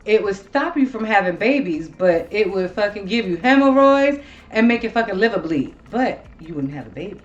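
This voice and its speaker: Seorang wanita paruh baya yang mengobrol santai dan bertele-tele sebagai pembawa acara podcast, sering mengumpat dengan gaya yang hidup. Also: female voice, medium pitch, moderate pace, lo-fi sound. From Ohio. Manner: swears a lot, rambling and animated. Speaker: podcast host. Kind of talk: casual chat.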